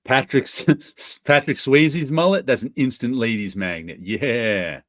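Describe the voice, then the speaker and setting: A man's voice: medium pitch, slow, no echo. Chatty laughing male podcast host. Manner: chatty, laughs often, teasing. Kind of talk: casual group chat about comics.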